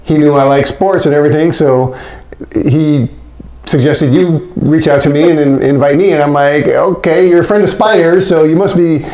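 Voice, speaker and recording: A man's voice: fairly high pitch, fairly even intonation, moderate pace, a little mellow, reverberant, poor audio. A man co-hosting a show, agreeing and laughing often in casual chat. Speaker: show co-host.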